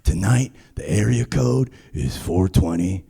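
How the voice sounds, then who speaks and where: Man doing a metal band singer, smug, low, drawling. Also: animated, measured pace, creaky, warm tone, breathy edge, heavily acted.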